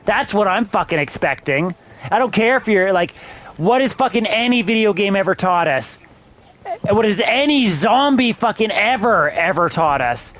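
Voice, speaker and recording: Streamer guy, high voice, swears constantly, frustrated rant into a desk mic. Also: lively intonation, normal speed, a bit bright, a little hiss or hum. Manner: profane, exasperated ranting. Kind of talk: casual game-stream rant.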